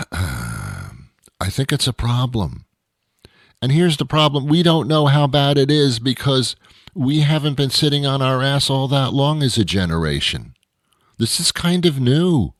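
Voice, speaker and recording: A male host giving a wry, rambling comedic monologue with dramatic pauses. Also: mid-range voice, no room sound, clean studio sound.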